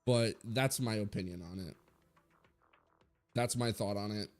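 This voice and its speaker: A man's voice: lowish voice, a little slow, soft background music. A man in his twenties giving a blunt, rambling opinion rant full of swearing, as a streamer talking to his viewers.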